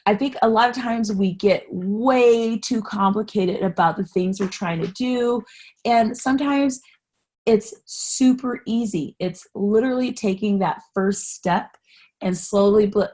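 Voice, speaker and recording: Chatty, animated woman podcaster. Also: medium pitch, unhurried. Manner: chatty, candid, with self-deprecating sarcasm; animated, encouraging, gets passionate. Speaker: podcast host. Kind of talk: casual solo podcast talk.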